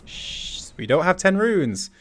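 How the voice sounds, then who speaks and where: A man's voice: sits high, very animated, slow, fairly bright tone. Laid-back man streaming a game. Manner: chatty, laughs often, thinks aloud. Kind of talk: livestream gameplay commentary.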